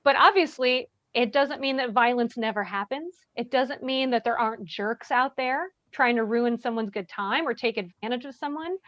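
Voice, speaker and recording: Calm woman explaining, dry lo-fi sound. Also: on the high side, moderate pace, hardly any pauses, no room sound. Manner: calm, explanatory, many "right?" tags. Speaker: bystander intervention trainer. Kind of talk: workshop discussion, answering questions.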